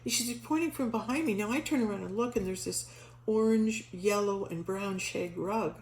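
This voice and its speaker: A middle-aged woman telling a personal spiritual story in a casual, animated way, acting out the voices she quotes, with many restarts and fillers. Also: mid-range voice, normal speed, roomy sound, low-quality recording. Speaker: storyteller sharing a spiritual experience.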